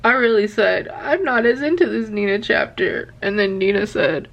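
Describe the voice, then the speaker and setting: A woman's voice: mid-range voice, a little slow, creaky, dull audio. A woman in her twenties, chatting casually and gushing about a book on her vlog, full of "like" fillers. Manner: gushing, animated, lots of "like" fillers. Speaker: book vlogger. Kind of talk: casual chat.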